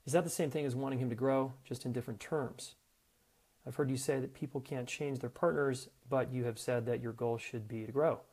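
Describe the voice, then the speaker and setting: A man's voice: medium pitch, fairly even intonation, brisk, a little mellow, husky. A middle-aged man hosting a relationship advice podcast, talking frankly and casually and acting out what partners might say to each other. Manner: frank and conversational, acts out quoted partners. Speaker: podcast host and relationship coach.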